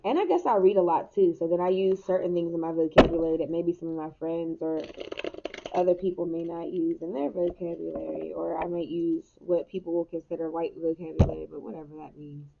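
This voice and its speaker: A woman's voice: on the low side, fairly even intonation, brisk, gravelly. Young woman, casual tarot reader, frank and laughing, muffled hissy recording. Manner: candid, laughs often, swears casually. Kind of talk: casual spiritual reading. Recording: muffled mic with noticeable hiss.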